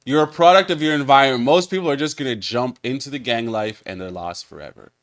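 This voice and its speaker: A man giving casual reaction commentary with animated, joking asides full of slang. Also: medium pitch, fast talker.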